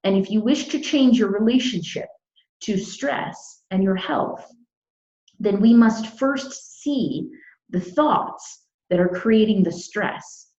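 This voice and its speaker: A woman's voice: mid-range voice, expressive, slow, darkish tone. A woman teaching meditation in a live talk, emphatic and repeating her key phrases over a video call. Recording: echoey, dull lo-fi sound.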